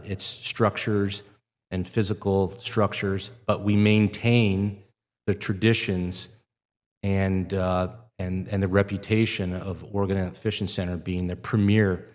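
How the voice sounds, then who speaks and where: A middle-aged man from the Midwest, a marina owner talking in a casual interview with many fillers and restarts. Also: on the low side. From Wisconsin, US Midwest. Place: live show at a fishing center. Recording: long reverb of a large live venue.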